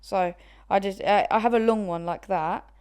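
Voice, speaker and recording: A woman's voice: medium pitch, fairly even intonation, normal speed, darkish tone, smooth. A young woman in her twenties co-hosting a podcast, chatting casually and laughing often, with plenty of swearing. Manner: laughs a lot, swears freely. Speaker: podcast co-host. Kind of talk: casual chat.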